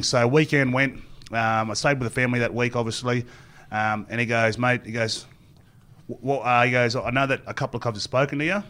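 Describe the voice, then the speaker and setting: Fast-talking middle-aged Australian man. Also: mid-range voice, steady tone, fairly bright tone. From Queensland, Australia. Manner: rambling anecdotes, acting out others' lines. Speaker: guest, former rugby player. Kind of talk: storytelling interview.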